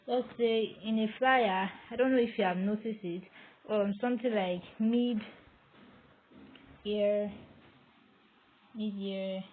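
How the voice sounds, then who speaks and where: A woman's voice: a little high, moderate pace. A woman teaching graphic design, explaining step by step as she works on screen. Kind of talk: screen-recorded tutorial. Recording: tinny, phone-like audio with faint noise.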